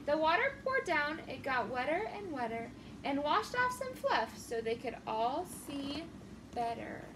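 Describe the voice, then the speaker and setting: A young woman reading a rhyming children's picture book aloud, expressive and singsong. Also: high-pitched, unhurried, distant mic, noisy background. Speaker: children's story reader.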